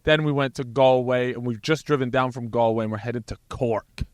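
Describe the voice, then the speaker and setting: A man's voice: medium pitch, steady tone, fairly quick, clear, resonant tone, no room sound, clean studio sound. A man co-hosting a podcast in casual chat, telling long rambling stories and swearing freely, recorded inside an RV. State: hungover. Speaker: podcast co-host. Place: inside a parked RV.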